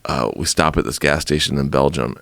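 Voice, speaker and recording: Deep-voiced male guest, lively anecdote, laughs often, curses freely. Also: a little fast, creaky, dry recording. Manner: animated, laughing, swearing, acts out quotes. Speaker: podcast guest, musician. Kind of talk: casual storytelling.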